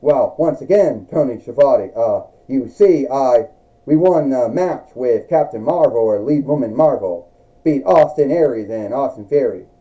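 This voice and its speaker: A man voicing a proud male starship captain turned wrestler, who speaks in a halting, hesitant way. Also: medium pitch, expressive, warm tone, lightly acted. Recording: dull lo-fi recording.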